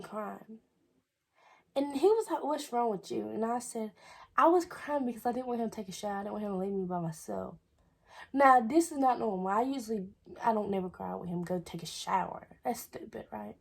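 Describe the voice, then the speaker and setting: Young woman vlogger, AAVE, husky tone, rambling "I was like" storytelling. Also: a little high, a little mellow. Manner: chatty, repeats "I was like". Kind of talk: casual storytelling.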